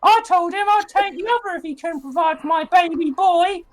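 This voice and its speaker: Fussy, smothering old dwarf mum, high and shrill, a man putting her on. Tabletop game. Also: normal speed, low-quality recording. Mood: doting, grumbling. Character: doting, bossy old dwarf mother. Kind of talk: tabletop role-play, reading a letter in character.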